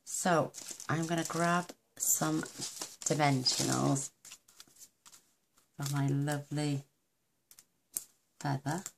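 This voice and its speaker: A woman's voice: sits low, flat delivery, slow pace, gravelly, long pauses, slight background noise, poor audio. A middle-aged woman from the UK chatting casually through a crafting tutorial, rambling and talking to herself as she works. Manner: chatty, rambling, talks to herself while working. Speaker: craft demonstrator.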